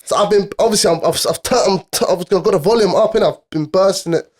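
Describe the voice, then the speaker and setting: A man's voice: high-pitched, fast talker. A young man, telling stories on a podcast in casual slang and acting out other people's voices. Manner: animated storytelling with slang, acts out voices. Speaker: podcast guest. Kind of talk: casual chat.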